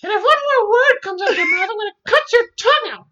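Woman putting on a high squeaky cartoon mouse boss, crude and hot-tempered, swooping pitch, dull lo-fi sound. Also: animated, quick pace, pushed and bright, exaggerated voice. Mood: threatening. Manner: barking, threatening, squeaky. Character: foul-mouthed, short-tempered male cartoon mouse boss. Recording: dull lo-fi recording.

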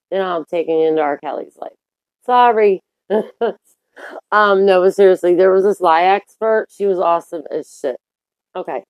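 A woman's voice: on the low side, a little mellow, no room sound. A young adult woman hosting her own podcast in a candid, profane, rambling monologue full of fillers. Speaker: podcast host.

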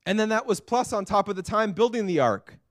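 High-pitched pastor guy preaching, goes soft then loud and pleading, dry close mic. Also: animated, fairly quick, no room sound. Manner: earnest preaching, swinging from hushed to loud pleading. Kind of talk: sermon. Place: church.

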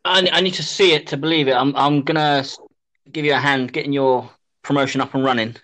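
Relaxed podcast co-host, man, mid-pitched, low-key and understated. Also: fairly quick. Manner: laid-back, understated replies. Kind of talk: casual wrestling chat.

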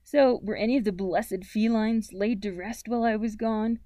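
A woman's voice: mid-range voice, normal speed, warm tone, no echo, clean studio sound, close to an everyday voice. A woman voicing an easygoing, teasing teenage boy in a storybook reading. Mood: casual.

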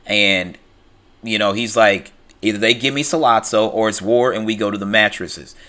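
A man talks through a film's story in an easygoing, rambling way, dropping fillers and quoting characters in his own voice. His voice sits a bit low, with a bright, forceful edge. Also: moderate pace. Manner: loose retelling with many fillers and "he's like" quotes. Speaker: film recapper. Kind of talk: casual spoken film recap.

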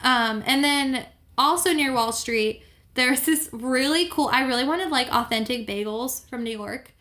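A woman's voice: sits high, a little slow, fairly bright tone. A woman in casual chat, telling a travel story with lots of "like" and acted-out quotes. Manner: chatty, full of "like" and quoted voices. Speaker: podcast guest recounting a trip.

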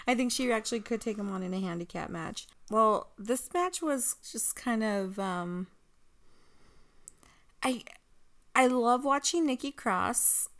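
A woman's voice: a little high, expressive, slow pace, long pauses, a bit bright. A woman co-hosting a podcast in casual chat. She laughs often and rambles, with lots of "like" and restarts. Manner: giggly, rambling, full of "like" and restarts. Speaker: podcast co-host. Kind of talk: casual chat recapping wrestling.

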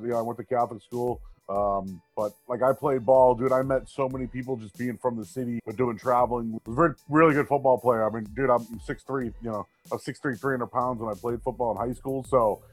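A man's voice: mid-range voice, fairly even intonation, fast, hardly any pauses, dry recording, soft background music. Laid-back Boston man telling stories. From Boston area. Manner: storytelling, laid-back, says dude and man a lot. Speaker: sports radio host, guest. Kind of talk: casual podcast chat.

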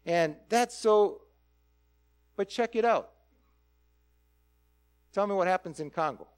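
A man preaching a conversational sermon, animated and full of rhetorical questions. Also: high-pitched, clear, resonant tone. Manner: animated, asks rhetorical questions, acts out quick quoted voices.

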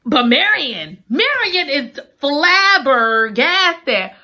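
A woman's voice: medium pitch, moderate pace, bright, forceful tone. A woman giving a chatty, slangy retelling of a story, full of playful asides to her viewers. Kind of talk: animated storytime chat.

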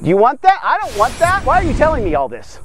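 Emphatic high-voiced male preacher. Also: wildly swooping pitch, fast talker, fairly bright tone, a little hiss or hum. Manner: emphatic, repeats "okay?" often. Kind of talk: sermon.

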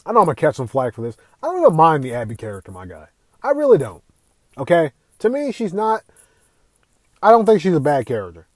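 A young man hosting a casual gaming podcast, talking in an excitable, profane, rambling way. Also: a little high, quick pace, no echo. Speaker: podcast host.

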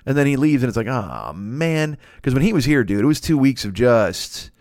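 This solo podcast host, roughly forty, talks fast in a medium, slightly mellow voice, cracking self-mocking, profane jokes as he rambles alone at night indoors. The studio-mic recording is dry and clean.

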